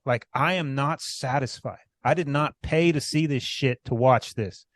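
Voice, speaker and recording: A man rants into a podcast mic, profane and heated, jumping into loud outbursts. The sound is dry and close, with no room around it. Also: medium pitch, measured pace, few pauses, dry recording. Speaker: podcast co-host. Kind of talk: ranting casual chat.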